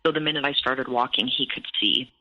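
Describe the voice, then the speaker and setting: A woman's voice: very deep voice, fairly quick, sharp tone, muffled recording. A woman recounting a painful personal story in an interview, tense and detailed, often quoting what was said. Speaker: abuse survivor guest.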